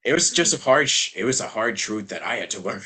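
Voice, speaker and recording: Man, host, low voice, relaxed casual chat, agreeable, trails off softly. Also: fast talker. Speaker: podcast host, voice actor.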